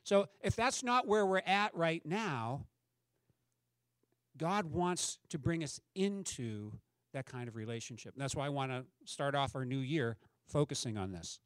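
A man's voice: a little high, animated, a little slow, no room sound. A middle-aged man preaching a sermon as a pastor, talking in a conversational way and asking the congregation questions.

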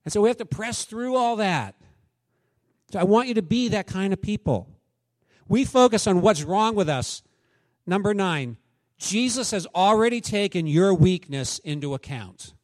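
A man's voice: high-pitched, animated, moderate pace, darkish tone, dry recording. A man preaching a sermon as pastor, candid and conversational, telling stories and acting out quotes.

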